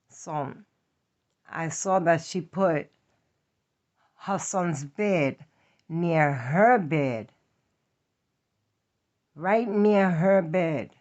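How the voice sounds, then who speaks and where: A woman's voice: deep voice, drawn-out words, long pauses, darkish tone. A woman from New York with a New York accent, telling a personal story in a blunt, profane, emphatic way. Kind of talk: confessional story time. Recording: dull lo-fi audio.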